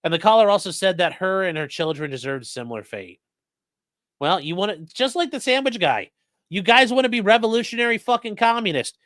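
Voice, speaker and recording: A man's voice: sits high, expressive, brisk, a bit bright, no echo. A man hosting a true crime livestream, reading court papers aloud with sarcastic, profane asides. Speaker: host.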